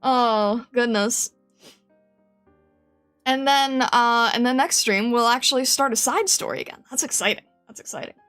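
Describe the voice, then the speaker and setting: A woman's voice: on the high side, a little slow, pauses often, fairly bright tone, smooth, soft background music. A woman streamer chatting casually with her viewers, giggling often and rambling with many restarts. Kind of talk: casual live-stream chat.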